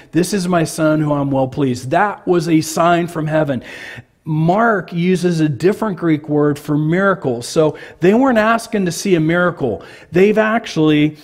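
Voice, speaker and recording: A man's voice: fairly high pitch, a little mellow. A man from California preaching a sermon as pastor, talking conversationally and asking the congregation questions.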